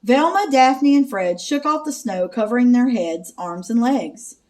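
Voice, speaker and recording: A woman teacher from Texas reads a picture book aloud with expressive narration and sound effects. Her pitch is fairly high and moves a lot. She reads slowly.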